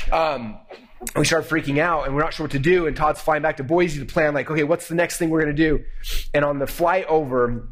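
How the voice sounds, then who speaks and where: A man telling a business story to an audience, animated, acting out what people said, with slides. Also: a little high, a little fast. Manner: excited, animated retelling with acted-out quotes. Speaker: speaker telling a founding story. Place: presentation room with slides.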